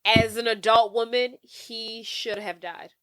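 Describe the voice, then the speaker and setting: Animated young woman podcast host. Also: on the high side, measured pace, no echo. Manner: animated storytelling with comic repetition. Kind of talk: casual chat retelling a movie.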